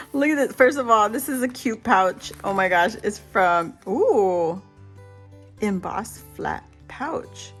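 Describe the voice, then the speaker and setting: A middle-aged woman vlogger chatting casually and excitedly as she unboxes a birthday gift, gasping and laughing. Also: mid-range voice, slow pace, long pauses, faint music behind. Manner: excited and giddy, many gasps and laughs. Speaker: crafting vlogger.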